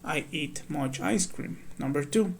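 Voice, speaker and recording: Gravelly male English teacher. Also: fairly high pitch, a little slow, a little hiss or hum. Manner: patient, explains step by step, reads examples aloud. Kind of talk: recorded workbook walkthrough.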